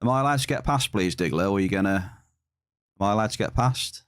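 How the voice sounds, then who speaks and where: A man's voice: on the low side, fast talker, dry recording, clean studio sound. A man giving live game stream commentary, teasing his chat in a playful, bantering way.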